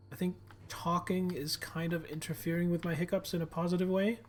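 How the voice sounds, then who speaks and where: Man streaming a game, chatty and rambling, fairly high voice. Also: level tone, a little fast, hardly any pauses. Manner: chatty, rambling aside to viewers. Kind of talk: live gameplay commentary.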